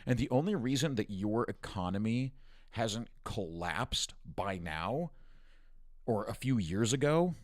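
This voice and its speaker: A man's voice: fairly low pitch, animated, a little slow, no echo, studio quality. A man hosting a news commentary stream, ranting angrily with constant profanity and mockery. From United States. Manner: angry, profane, mocking rant.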